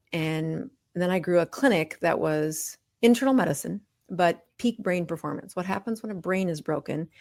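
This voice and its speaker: A woman's voice: fairly low pitch, gravelly, a little mellow, no echo. A middle-aged woman physician, a podcast guest, telling her personal story candidly and with liveliness, acting out exchanges.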